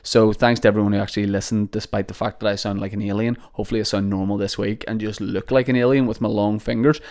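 A man's voice: on the low side, a little mellow. A young man hosting a podcast, rambling and joking with plenty of swearing. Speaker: podcast host. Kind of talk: casual comedic monologue. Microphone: podcast microphone.

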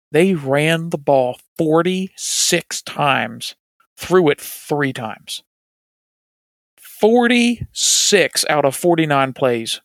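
A man's voice: fairly high pitch, a bit bright, no echo, clean studio sound. A man co-hosting a casual sports talk show, laid-back and agreeable. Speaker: podcast co-host.

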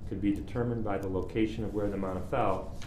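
Casting note: man reading aloud for the class, mellow and low, a bit roomy with faint hiss. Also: fairly even intonation, fast. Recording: echoey room with faint noise.

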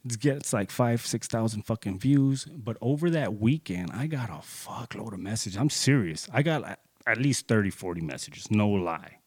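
A man with a fairly low voice tells a personal story casually, heated and full of swearing. He rambles with plenty of "dude" and "you know". The recording is dry and close, with no room sound. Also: breathy edge, no room sound.

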